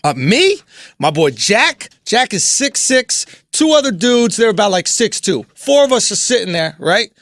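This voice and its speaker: A man co-hosting a podcast, bantering and telling an animated story that acts out the people he quotes. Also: high-pitched, measured pace, dry recording, clean studio sound. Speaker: podcast co-host. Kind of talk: casual banter.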